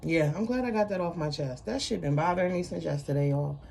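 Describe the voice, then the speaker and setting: A woman's voice: sits low, fast, creaky, dark tone, a little hiss or hum. A woman ranting bluntly to her viewers in an unscripted vlog, with heavy profanity, emphatic repetition. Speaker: vlogger.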